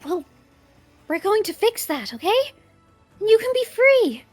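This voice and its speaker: Bubbly woman playing the game, super high voice, all over the place. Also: sing-song, unhurried, faint music behind. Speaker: player. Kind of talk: casual play.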